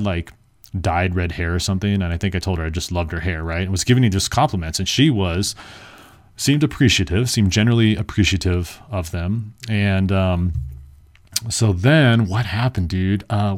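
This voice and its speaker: A young man telling a personal story in a casual, rambling way, full of fillers and self-mocking asides. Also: deep voice.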